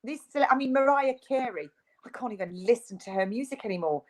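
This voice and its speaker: Une femme à l'britannique, à la voix plutôt aiguë, invitée d'une interview, au ton insistant et véhément. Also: female voice, fairly high pitch, animated, fast, low-quality recording. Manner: emphatic and insistent, ranting. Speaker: interview guest. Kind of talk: video interview.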